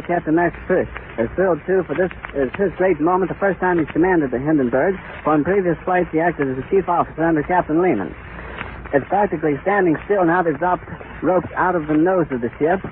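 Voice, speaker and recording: A man's voice: on the high side, brisk. A man giving live on-scene radio commentary outdoors at an airfield, with flowery, emphatic description. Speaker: radio reporter. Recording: tinny 1930s radio archive with loud hiss.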